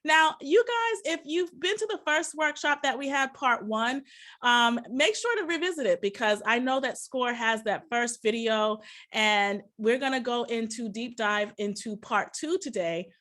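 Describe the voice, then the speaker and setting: A woman's voice: a little high, measured pace, fairly bright tone. A woman presenting a live online business workshop from her office, upbeat and hyped, talking straight to her viewers. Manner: upbeat, hyped, singing and cheering at times.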